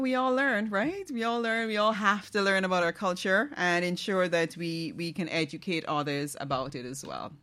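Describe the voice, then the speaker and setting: A woman's voice: medium pitch, a bit bright. A woman hosting a morning radio show, chatting and asking listeners questions. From Guyana. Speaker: radio host.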